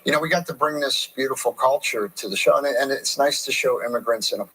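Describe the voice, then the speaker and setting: A middle-aged man chats as a talk show guest, his voice sitting at an ordinary middle pitch. He tells stories in a loose way and often repeats the first words of a sentence. A faint hiss sits behind him. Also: quick pace, bright, forceful tone, rough recording. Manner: chatty, repeats words when starting. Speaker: actor and comedian guest.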